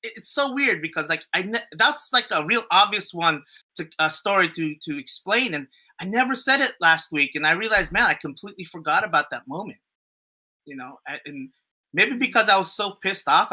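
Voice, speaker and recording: A man chatting on a podcast, spinning a story in loose, rambling fashion. His voice is very bright, and he swears freely and leans on fillers and restarts. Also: fairly high pitch. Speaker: podcast co-host. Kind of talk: casual storytelling chat.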